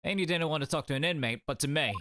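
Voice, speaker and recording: A streamer voicing a gruff, suspicious prison governor in a Scottish accent while reading game dialogue aloud. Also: mid-range voice, very fast, fairly bright tone, dry recording, studio quality, pitched above the performer's own voice, close to an everyday voice. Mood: brusque. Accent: attempted Scottish.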